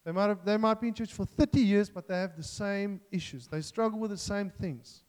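A man's voice: high voice, fairly quick, a little mellow, long reverb tail. A man preaching a sermon in an earnest, self-deprecating way, joking and restarting as he talks.

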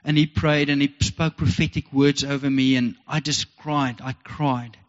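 A man's voice: medium pitch, little pitch movement, measured pace. An earnest South African man preaches a heartfelt sermon, circling back to the same phrases. His voice carries a long reverb through a church hall. The recording is dull and lo-fi. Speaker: pastor.

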